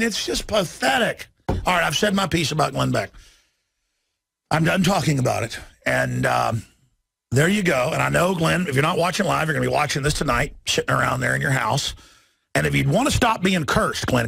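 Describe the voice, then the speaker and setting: Gravelly ranting male radio host. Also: on the high side, no echo. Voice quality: gravelly, husky. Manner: combative, mocking, rising to shouts. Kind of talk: ranting monologue.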